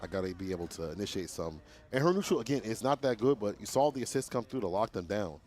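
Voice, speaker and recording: A man co-hosting a fighting game watch party in a laid-back, slangy way, with animated reactions. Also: fairly low pitch, fast talker. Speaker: co-host commentator. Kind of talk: casual fighting game co-commentary. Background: music.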